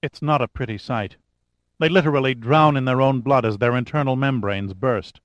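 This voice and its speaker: A man's voice: mid-range voice, moderate pace, dry recording, highs cut off, close to an everyday voice. A man voicing a stern, determined woman scientist who speaks impatiently and sharply in an audiobook.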